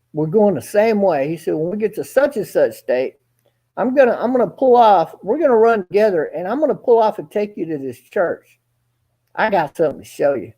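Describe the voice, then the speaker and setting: Husky, dark-voiced man telling a story. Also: high-pitched. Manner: rambling, folksy, profane, acts out quoted dialogue. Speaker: guest storyteller. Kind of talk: casual storytelling.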